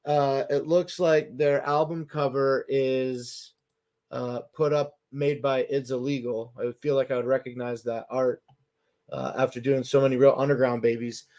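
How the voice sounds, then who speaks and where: A man's voice: mid-range voice, level tone, a little slow, a little mellow. A man hosting an online music show, bantering in a loose, profane, upbeat way.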